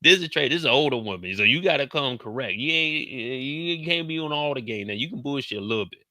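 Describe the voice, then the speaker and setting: Male recap host, unhurried, slangy storyteller, crisp edge, no room sound. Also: medium pitch, dry recording, clean studio sound. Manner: slangy, animated, quotes characters in put-on voices; talks slower than in his live streams.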